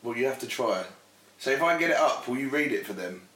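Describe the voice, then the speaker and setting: A man with a very animated, swooping voice. He teases the others on a podcast in a blunt way. The room adds a clear echo. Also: mid-range voice, a little fast. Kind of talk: casual banter. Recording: roomy echo.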